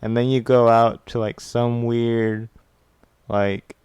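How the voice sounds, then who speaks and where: Smooth, dry-sounding young male host. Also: medium pitch, little pitch movement, slow pace, a little mellow, no room sound. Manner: laid-back, joking, swears casually. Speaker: podcast host. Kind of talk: casual chat.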